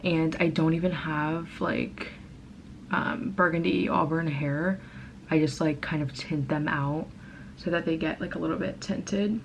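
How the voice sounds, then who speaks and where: A woman's voice: deep voice, steady tone, unhurried, gravelly, slight background noise. A young American woman chatting through a makeup tutorial on her home camera, rambling and laughing at herself, full of "like". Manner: rambling, giggly, self-mocking, lots of "like". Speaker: beauty vlogger. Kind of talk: casual makeup tutorial chat.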